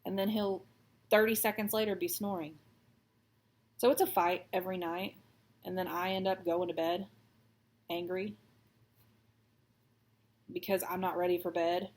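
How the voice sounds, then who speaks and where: Slow, chatty Texas-raised woman. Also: on the low side, little pitch movement, darkish tone. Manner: chatty, rambling, self-deprecating. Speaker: stitching vlogger. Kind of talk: casual chat while stitching.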